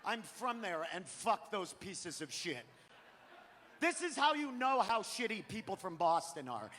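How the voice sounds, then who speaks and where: A stand-up comedian from New England, ranting loudly and profanely through a live set on a theater stage. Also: male voice, sits high, very animated, a little slow, slight background noise. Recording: live theater with long reverb.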